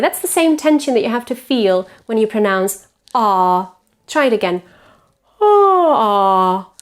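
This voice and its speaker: Woman, pronunciation coach; slow, deliberate delivery, models each vowel with repeated examples. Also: a little high. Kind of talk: pronunciation lesson.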